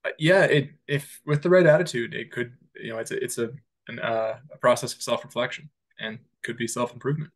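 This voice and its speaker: Male podcast co-host, mid-pitched, casual, animated, loose chat. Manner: rambling, animated, quick to laugh, many "like" fillers.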